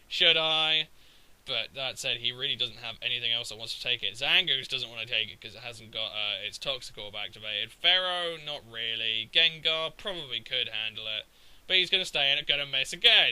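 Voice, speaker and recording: A man's voice: on the high side, bright, forceful tone, clear, resonant tone, no echo, poor audio. A young man giving a sweary, exasperated commentary over his own game recording. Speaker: gaming commentator.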